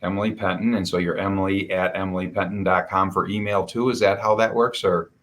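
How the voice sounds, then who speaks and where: A man with a very low voice hosts a casual interview. He is choked up and halting, repeating words as he tries to finish his thoughts. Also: fairly even intonation, fairly bright tone. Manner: emotional, halting with repeated restarts. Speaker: podcast host.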